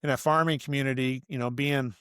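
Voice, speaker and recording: A man's voice: mid-range voice, steady tone, fairly quick, fairly bright tone, smooth, dry recording, clean studio sound. A middle-aged man talking as a podcast guest, earnest and rambling, with lots of "you know" and "like" as he explains his work as an author and coach. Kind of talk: casual interview conversation.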